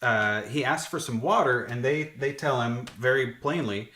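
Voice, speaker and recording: A man's voice: medium pitch, normal speed, sharp tone. Wry, chuckling podcast co-host man. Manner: detailed, wry plot retelling with frequent chuckles. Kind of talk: casual chat recapping a film. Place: shared recording room. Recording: roomy echo.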